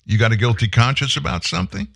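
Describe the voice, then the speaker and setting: A man's voice: medium pitch, animated, fast talker, vocal fry, fairly bright tone, breathy edge. A man hosting a radio show, chatting in a folksy, joking way with a caller. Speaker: radio host. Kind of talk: casual radio chat.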